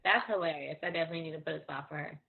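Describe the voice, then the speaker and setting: Gravelly low woman on a tinny line. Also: racing. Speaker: podcast co-host. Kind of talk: casual chat.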